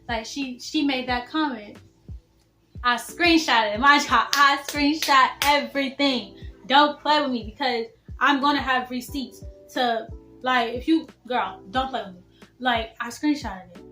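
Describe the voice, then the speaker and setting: Animated young woman telling a storytime. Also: on the high side, echoey room. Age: teens. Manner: animated, emphatic, addresses viewers as y'all. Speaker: vlogger. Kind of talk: storytime vlog.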